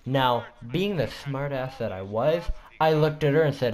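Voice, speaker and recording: A man's voice: mid-range voice, normal speed. Teenage boy rambling through a joking story. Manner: rambling, joking, with frequent self-corrections. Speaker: student vlogger. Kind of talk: casual storytelling.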